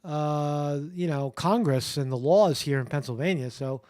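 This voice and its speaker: A man hosting a live stream, reading headlines and commenting in a halting, blunt way, full of fillers and swearing. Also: fairly high pitch, a little mellow, no echo, studio quality. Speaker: live show host.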